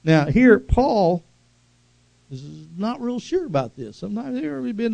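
Gravelly, animated preacher man. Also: sits high, normal speed, no room sound. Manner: animated preaching, swings from loud calls to hushed asides. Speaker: pastor. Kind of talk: sermon. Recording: dull lo-fi sound.

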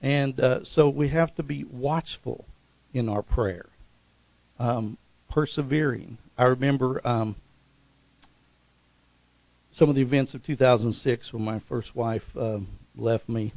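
Pastor preaching, dry close sound. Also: male voice, medium pitch, slow, pauses often, a little mellow, no room sound, poor audio. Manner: preaching with frequent call-and-response "Amen?"; rises to emphatic repeated exhortations. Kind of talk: sermon.

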